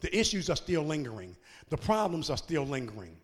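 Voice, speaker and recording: A male pastor preaches in a high, ringing voice, rising into shouted, half-sung cadences before dropping into low, chatty asides to his congregation. His pitch swings widely and his pace is fairly quick. The long reverb of a church sanctuary surrounds the sound.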